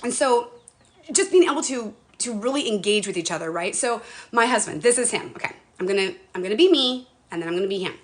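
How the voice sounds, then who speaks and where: A woman's voice: mid-range voice, animated, quick pace. A middle-aged woman chatting casually on a home live stream, bubbly and talkative, greeting viewers by name.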